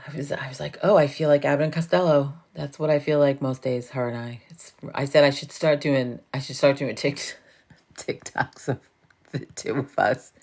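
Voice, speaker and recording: Very low, gravelly woman in her fifties. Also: steady tone, moderate pace, a little mellow. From New York. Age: 50s. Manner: laughing, chatty, swears freely. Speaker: livestream host. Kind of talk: casual chat with viewers.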